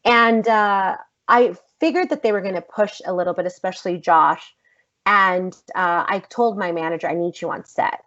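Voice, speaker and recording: A woman actress telling a story in a casual podcast interview, animated and emphatic, swearing freely. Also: medium pitch, moderate pace. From United States. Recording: slightly dull lo-fi podcast audio.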